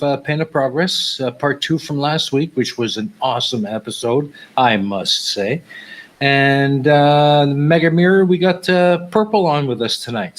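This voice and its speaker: A man speaking as a guest on a casual online panel show, polite and given to repeating words, over a video call. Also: fairly high pitch.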